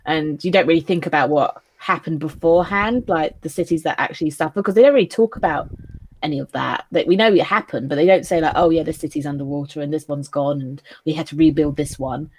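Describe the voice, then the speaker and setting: A woman recapping an anime episode for a casual review with a friend. She talks in a slightly low voice, giggles, and fills her sentences with loose asides. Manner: giggly, recaps with many "like" fillers. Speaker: co-host.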